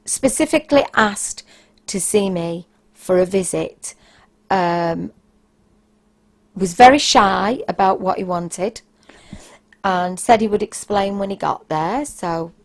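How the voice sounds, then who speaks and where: Woman podcast host, candid storyteller, mid-pitched, blunt delivery. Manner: frank, blunt, with bursts of raised emphasis. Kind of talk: casual anecdotal storytelling.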